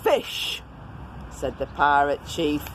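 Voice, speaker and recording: A woman reading a story aloud to children, expressive and gentle, speaking to them directly. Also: medium pitch, takes it slowly, a little hiss or hum.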